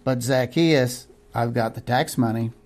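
A man's voice: mid-range voice, measured pace, darkish tone, natural voice. Man as Bartimaeus: friendly, sincere, cheerful.

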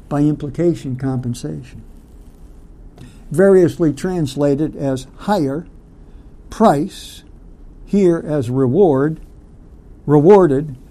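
A man teaching a Bible study sermon, slow and deliberate, asking rhetorical questions and leading the listeners in reading scripture aloud. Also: fairly high pitch, dark tone.

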